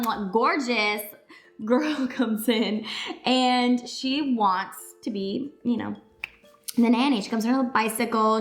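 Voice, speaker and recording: A young woman chatting casually in a vlog, reviewing a movie in an animated, filler-heavy way. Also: fairly high pitch, roomy sound.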